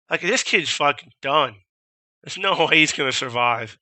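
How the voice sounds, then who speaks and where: Young male vlogger, profane storyteller, slightly high voice, tense edge; loud impressions of shouted orders. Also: a little slow, no room sound. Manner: profane, animated, imitates drill instructors shouting. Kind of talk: casual storytelling.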